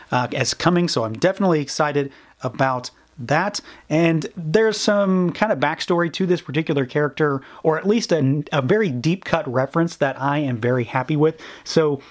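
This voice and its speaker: A man with a slightly higher voice reviews toys in a loose, chatty way. He sounds keen and excited and often fills gaps with "uh". He keeps the talk friendly and easygoing. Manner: enthusiastic, chatty, lots of fillers. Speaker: toy reviewer. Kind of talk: casual product review.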